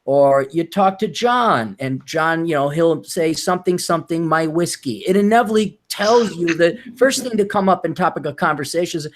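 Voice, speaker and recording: A man co-hosting a casual podcast chat, telling sardonic, profane stories and jumping into high mocking voices to quote people. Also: normal speed, few pauses. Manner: animated storyteller, jumps into high mocking voices when quoting people. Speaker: podcast co-host.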